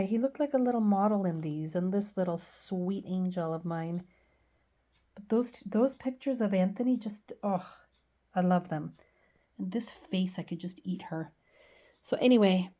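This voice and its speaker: A woman's voice: medium pitch, warm tone. A middle-aged woman chatting casually as she shows off her scrapbook pages, gushing and poking fun at herself. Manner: chatty, gushing, self-deprecating. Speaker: scrapbooking vlogger. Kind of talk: casual show-and-tell chat.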